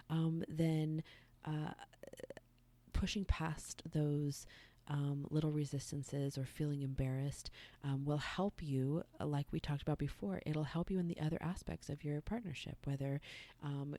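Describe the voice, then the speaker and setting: Woman, podcast host, low voice, mellow tone, sex-education talk, some words whispered. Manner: relaxed, unscripted, drops some words to a breathy whisper.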